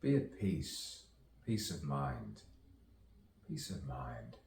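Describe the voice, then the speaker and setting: A man's voice: a bass voice, big pitch swings, extremely slow, creaky, darkish tone, a little hiss or hum. A man delivering a rambling spoken-word soliloquy, musing to himself and repeating phrases. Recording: echoey, distant mic with faint ambience.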